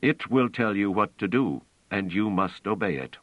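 A man's voice: lowish voice, animated, moderate pace, no echo, pitched above the performer's own voice. A man voicing an earnest, anxious male scholar who pleads in a half-strangled, over-earnest way. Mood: desperate. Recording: dull, dry audio.

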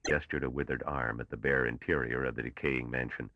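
Man narrating a novel, very deep voice, measured, dry booth, muffled lo-fi sound. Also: fairly even intonation, no room sound. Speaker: audiobook narrator. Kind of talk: scripted narration.

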